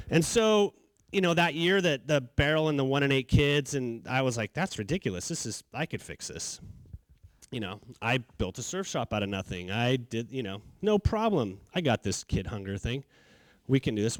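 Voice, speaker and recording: A middle-aged man from California telling his story in a casual, animated way, acting out what people said. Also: mid-range voice, no room sound. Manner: casual, animated, acts out quotes. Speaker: charity founder, speaker. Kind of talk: storytelling talk.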